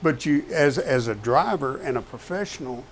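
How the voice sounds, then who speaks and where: A man's voice: medium pitch, expressive, moderate pace, a little hiss or hum. A man who is a professional truck driver, talking casually and repeating his key points for emphasis. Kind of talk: casual talk show chat.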